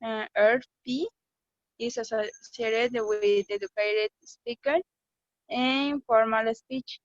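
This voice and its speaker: Slow, halting young woman on dull audio. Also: fairly high pitch, fairly even intonation, no echo. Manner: halting, reading with hesitations. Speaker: student presenter. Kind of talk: class presentation. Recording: dull lo-fi dry recording.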